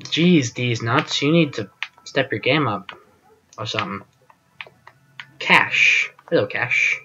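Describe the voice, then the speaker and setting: A man's voice: medium pitch, animated, measured pace, fairly bright tone, highs cut off, a little hiss or hum. A man giving casual gameplay commentary as host of his channel, rambling and self-deprecating, often trailing off with fillers.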